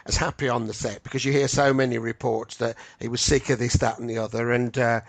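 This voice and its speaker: A man with a gravelly, creaky voice hosts an interview and keeps the conversation going with keen remarks. He stumbles over and repeats his first words before settling in. The sound is close and dry, with no room echo. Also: mid-range voice, flat delivery. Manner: enthusiastic but halting, repeating words as he starts. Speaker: podcast host and interviewer. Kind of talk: interview chat.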